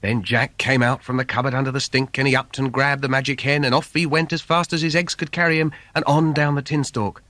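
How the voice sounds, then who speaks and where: A man's voice: mid-range voice, level tone, fairly quick, few pauses, sharp tone, no room sound. A man reading a comic fairy tale for children in a playful, sing-song storyteller manner. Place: recording studio. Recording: dry studio recording.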